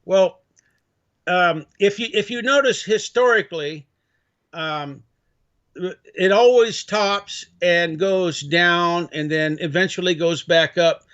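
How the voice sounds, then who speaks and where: A man speaks as a guest in a casual conversation, halting and full of restarts. His voice sits fairly high, and the audio sounds dull and lo-fi. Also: fairly bright tone. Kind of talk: casual chat.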